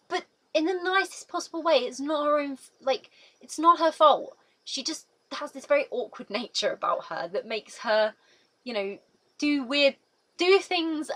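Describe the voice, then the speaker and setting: A woman's voice: on the high side, sharp tone, rough recording. A young woman giving a casual, emotional video book review, gushing and full of "like" and "literally".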